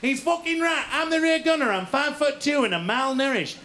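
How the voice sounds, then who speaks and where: A man voicing a tiny, malnourished wartime rear gunner who is sweary and indignant, in a high squeaky voice. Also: animated, brisk, sharp tone, a little hiss or hum, full character voice.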